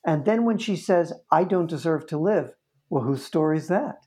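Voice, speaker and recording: Telling a story in conversation, a man who works as a therapist describes a case earnestly and vividly, frequently starting his sentences over. He has a slightly high, darkish voice that is expressive, at a normal speed.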